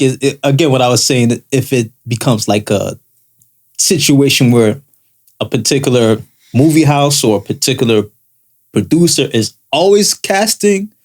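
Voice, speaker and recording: Lively man chatting on a podcast. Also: medium pitch. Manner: halting, repeats words and restarts. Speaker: podcast co-host. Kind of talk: casual podcast chat.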